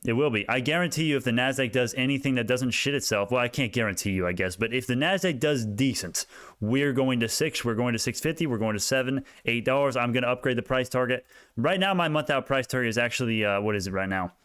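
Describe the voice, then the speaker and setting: An excitable young man runs through stock charts in casual, rambling commentary and keeps drifting onto tangents. His voice is smooth and clear. It sits at an ordinary middle pitch, recorded dry and close. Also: quick pace, no echo. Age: young adult. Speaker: stock market YouTuber.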